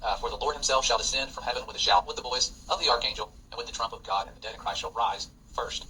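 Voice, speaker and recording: A man's voice: mid-range voice, fairly even intonation, fast, bright, forceful tone, slight background noise, low-quality recording. A man, a father, reading passages aloud and commenting in an earnest, warning tone. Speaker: host and father.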